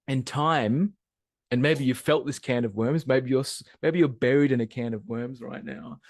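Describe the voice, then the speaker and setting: A man's voice: medium pitch, normal speed, dry recording, clean studio sound. A man giving a live webinar talk, asking the audience questions and posing them as he goes. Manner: animated, asks the audience questions. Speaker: webinar presenter.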